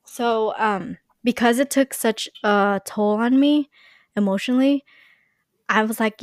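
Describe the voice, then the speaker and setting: A woman's voice: fairly high pitch, a little slow, no room sound, studio quality. A young woman chatting casually on a podcast, with a lot of "like" and "you know". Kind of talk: casual chat.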